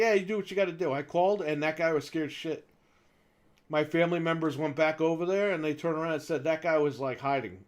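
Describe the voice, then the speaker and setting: A fairly high-pitched man, co-hosting a gaming show, recounts a long story casually. He performs the people in it with animation and swears freely along the way.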